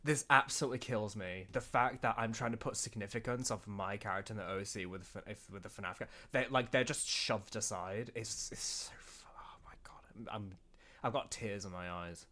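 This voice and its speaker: A man's voice: on the low side, brisk, few pauses, bright, forceful tone. An English man with a mixed northern and southern accent, laughing and swearing as he reacts to his old work on a stream. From England. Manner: laughing, self-mocking, sweary. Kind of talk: casual reaction commentary.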